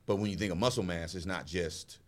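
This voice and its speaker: A middle-aged man hosting a podcast in casual chat, telling stories with loud animated bursts that drop to low mumbles. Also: a little fast. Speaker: podcast host.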